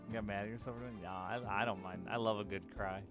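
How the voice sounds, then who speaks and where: A man's voice: on the low side, fairly even intonation, fast, over music. A man chatting casually and candidly with his stream viewers, openly talking about his feelings and swearing now and then. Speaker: live streamer.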